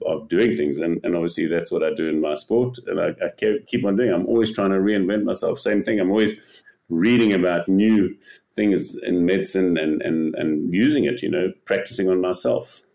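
An older man who paddles the ocean appears as a guest on a podcast, telling stories with lots of energy in a casual interview. He often repeats words and acts out what other people said, his low voice moving at a normal pace with some vocal fry.

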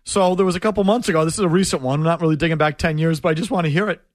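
A man's voice: on the high side, racing, no echo. A man hosting sports talk radio, bantering in a wry, amused way and bringing on callers.

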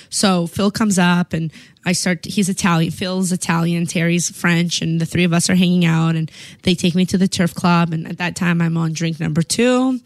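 A woman telling a long personal story in casual chat, animated and full of fillers like "like". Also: on the low side, normal speed, no echo. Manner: animated, chatty, lots of "like" and repeated words. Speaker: guest telling her story.

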